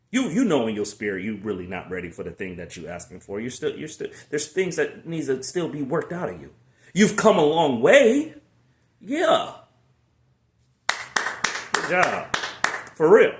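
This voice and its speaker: Dude vlogging about faith, casual and preachy, voice bouncing all over, echoey room. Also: male voice, fairly low pitch. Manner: conversational, preachy, with slangy asides. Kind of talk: casual motivational talk to camera.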